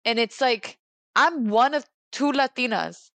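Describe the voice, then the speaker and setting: A young adult woman from California, a guest speaking candidly about her life in an animated, emphatic way, with plenty of "like". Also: fairly high pitch, measured pace, no echo. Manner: animated and emphatic, heavy use of "like". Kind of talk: candid personal conversation.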